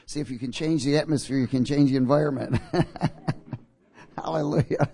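Higher-voiced male pastor preaching. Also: slow pace, vocal fry, warm tone, slightly rough. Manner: call-and-response preaching, chuckles at his own jokes. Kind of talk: sermon.

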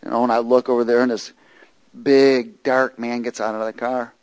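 A man preaching and telling his testimony, moving from loud preaching to hushed storytelling. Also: mid-range voice, little pitch movement, normal speed, smooth, no echo, poor audio.

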